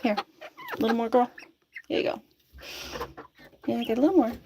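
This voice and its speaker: A woman's voice: fairly high pitch, wildly swooping pitch, moderate pace, noisy background. A woman chatting casually and coaxing her chickens to drink by their coop outdoors, laughing often. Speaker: chicken keeper vlogger.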